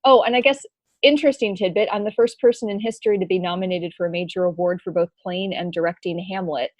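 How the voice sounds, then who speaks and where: Animated young woman guest from Los Angeles, dry and close. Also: on the low side, fast, dry recording, low-quality recording. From Los Angeles, California. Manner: animated, chatty storyteller. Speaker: guest, performer and writer. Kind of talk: podcast interview.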